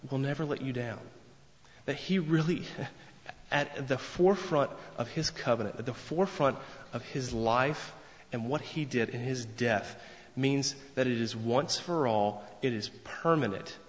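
A man's voice: mid-range voice, a bit bright. A man preaching a sermon in an earnest, emphatic way, repeating phrases for weight. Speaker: pastor. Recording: long reverb, dull lo-fi sound.

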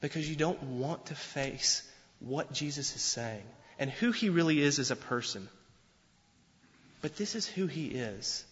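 A pastor giving a sermon in an animated, conversational way, often restarting his sentences. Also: fairly high pitch, a little slow. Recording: dull sound with long hall reverb.

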